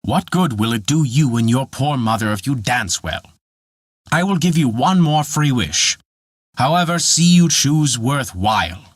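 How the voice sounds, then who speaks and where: A man's voice: medium pitch, lively intonation, a little slow, no echo, studio quality, voice pushed up. A man voicing a tiny old forest dwarf made of glass who lectures and scolds in an exasperated way. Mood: scolding.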